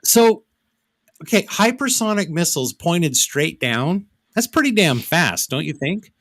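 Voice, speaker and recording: A man's voice: fairly high pitch, big pitch swings, a little slow, a bit bright, no echo, studio quality. A man co-hosting a podcast, reading news items aloud in a casual chat and adding wry, sarcastic asides. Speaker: podcast co-host.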